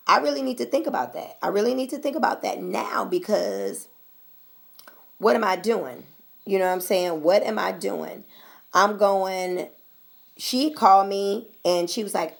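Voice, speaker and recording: A woman's voice: mid-range voice, animated, unhurried, vocal fry. An American woman vlogger talking straight to her viewers, blunt and sassy, swearing freely. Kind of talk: casual straight-talk vlog.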